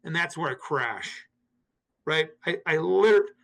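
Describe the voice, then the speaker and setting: A man's voice: on the high side, lively intonation, moderate pace, vocal fry. A man, a podcast guest, telling a personal story earnestly, with frequent restarts and acted-out quotes of others.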